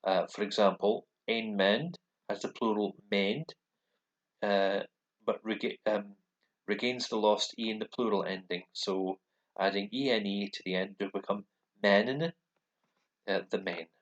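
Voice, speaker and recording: A man casually explaining his lessons from a dark room at his computer, relaxed and thinking aloud with pauses. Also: on the low side, muffled recording. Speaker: language learner recording his lessons.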